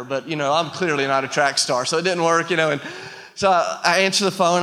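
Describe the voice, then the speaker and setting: A man in his thirties preaching to a church, with a bright, ringing voice pitched a little high. He tells stories about himself with self-deprecating humor and builds to passionate calls to the congregation. His voice carries a long reverb from a large hall. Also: quick pace. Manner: storytelling, self-deprecating, rising to passionate appeals. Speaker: pastor. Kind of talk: sermon.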